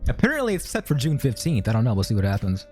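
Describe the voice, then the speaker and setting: A man's voice: medium pitch, wildly swooping pitch, racing, a little mellow, faint music behind. A man co-hosting a podcast in casual chat, laid-back and laughing along. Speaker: podcast co-host.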